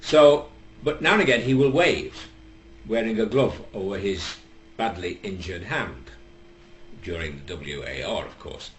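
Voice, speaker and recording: An older man with a Northern English accent telling a long, rambling comic story, deadpan and full of hesitations. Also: on the low side, a little slow. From England. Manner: deadpan, digressive, lots of hesitations. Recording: echoey room with faint background hum.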